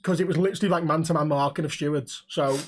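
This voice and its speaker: Fast-talking man. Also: fairly high pitch. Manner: animated storyteller who swears and acts out dialogue. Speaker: podcast co-host. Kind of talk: casual chat, storytelling.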